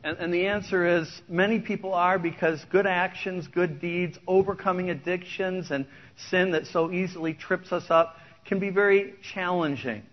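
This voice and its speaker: A man's voice: high voice, steady tone, normal speed. A man preaching a sermon to a congregation in a church, earnest and conversational, often restarting his words. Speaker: pastor. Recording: dull lo-fi recording.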